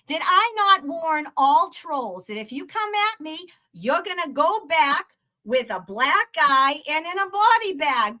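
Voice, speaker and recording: A woman's voice: very high-pitched, sing-song, unhurried, sharp tone. A woman hosting a live stream, cursing and taunting a troll in a profane, mocking rant. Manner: profane, taunting, laughs between jabs. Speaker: livestream host. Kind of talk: ranting live-stream commentary.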